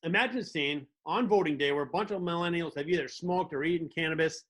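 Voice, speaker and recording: A man's voice: on the high side, brisk, a bit bright. A man hosting a comedic monologue, telling wry stories with little mock dialogues. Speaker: host.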